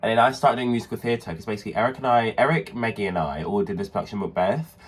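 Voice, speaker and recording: A man's voice: lowish voice, fast. A young man co-hosting a podcast in camp, chatty banter. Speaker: podcast co-host. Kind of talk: casual chat.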